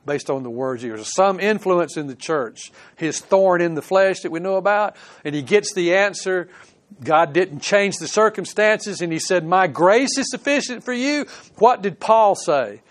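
A man preaching a sermon, reading scripture aloud and explaining it, swinging between emphatic rises and quiet conversational asides. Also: on the high side. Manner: earnest, reads scripture aloud with plain commentary. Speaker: pastor.

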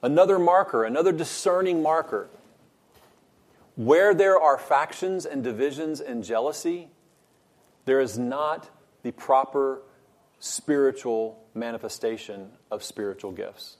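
Male Bible study teacher, mid-pitched, measured and earnest, leans on repetition for emphasis.

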